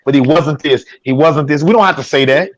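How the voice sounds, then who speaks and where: A man's voice: a little high, brisk, no room sound. Emotional, stammering male talk-show host. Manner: repeats words, stammers when upset.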